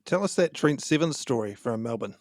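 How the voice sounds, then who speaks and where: A man's voice: medium pitch, lively intonation, brisk, no echo, clean studio sound. A man hosting a casual podcast, easygoing and teasing, reading out fan questions. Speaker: podcast host.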